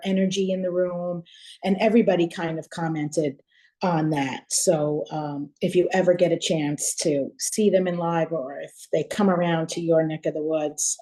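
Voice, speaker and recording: A woman's voice: fairly low pitch, warm tone. A middle-aged woman sharing earnestly on a group video call, with many fillers. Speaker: call participant.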